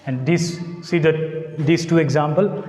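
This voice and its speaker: Slow Indian English teacher, echoey room. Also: male voice, on the high side, steady tone, a little mellow. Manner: slow, deliberate, spells out letters and repeats example words. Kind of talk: classroom lecture on word stress. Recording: echoey room with long reverb.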